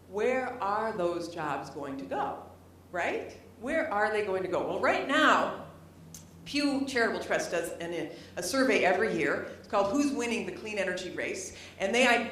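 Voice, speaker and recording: Lively woman lecturing in an echoey hall. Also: medium pitch, a little hiss or hum. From United States. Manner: animated, humorous, rising to near-shouts when stirred. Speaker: lecturer, former governor. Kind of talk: public lecture to a live audience. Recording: very echoey hall, voice from some distance.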